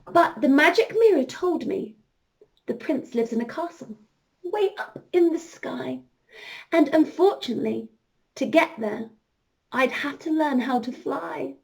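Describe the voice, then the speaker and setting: A woman's voice: high voice, animated, a little slow, creaky, full character voice. A woman doing a wistful young girl dreaming of a prince. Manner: wistful, sighing.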